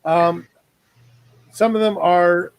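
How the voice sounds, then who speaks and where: Guy hosting a chatty web show, kinda high voice, dry sound, lots of ums and jokes. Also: steady tone, slow, no room sound, low-quality recording. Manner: rambling, joking, many fillers. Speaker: talk show host. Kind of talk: casual online talk show chat. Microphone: video call.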